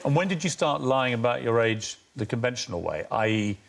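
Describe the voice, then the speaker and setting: A man's voice: mid-range voice, expressive, fairly quick, gravelly, very noisy. Wry, probing male interviewer. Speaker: interview show host.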